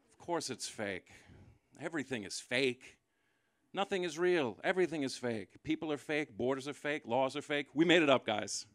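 A man doing live stand-up, sarcastic and mocking, with a bright, forceful voice. His pitch swings widely as he ramps into exaggerated rants. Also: lively intonation, moderate pace, no echo, studio quality. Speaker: stand-up comedian. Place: live comedy venue.

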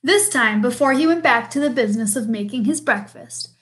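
A woman reading a picture book aloud with a slow, expressive storytelling delivery. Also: fairly high pitch. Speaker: storybook reader.

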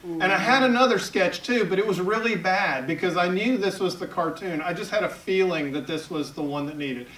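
A man's voice: sits high, fairly quick, fairly bright tone. A man in his fifties with a Southern US accent, an editorial cartoonist giving a chatty public talk, full of self-deprecating humor. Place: event hall at a library. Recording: echoey hall, picked up from far off.

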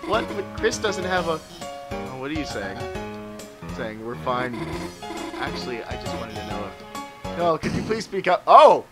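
A man's voice: fairly high pitch, sing-song, unhurried, pauses often. A man giving casual let's-play commentary, joking, swearing and talking to the game's characters. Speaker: let's player. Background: game music.

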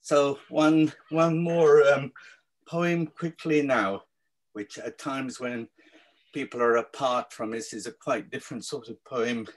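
A man giving a dramatic, expressive reading of his own poetry. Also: mid-range voice, slow pace. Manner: dramatic, expressive reading with sudden swings in loudness. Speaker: poet.

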